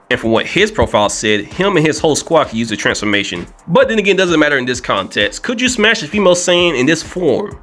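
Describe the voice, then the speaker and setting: Fast-talking animated man joking. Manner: animated, joking, swings up in pitch for emphasis. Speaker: video commentator. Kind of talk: casual comedic commentary.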